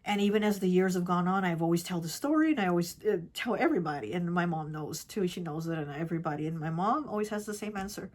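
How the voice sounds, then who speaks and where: A woman tarot reader telling a personal story in casual chat, rambling and repeating herself, often dropping to a soft, hushed voice. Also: fairly low pitch, animated, fast, few pauses. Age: adult with children. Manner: rambling, repeats herself, many "like" and "you know".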